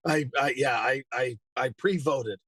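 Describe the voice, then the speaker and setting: A man chatting casually with the hosts on a live call, laid-back with quick asides. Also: medium pitch, a bit bright, slightly rough, no room sound. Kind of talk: casual chat.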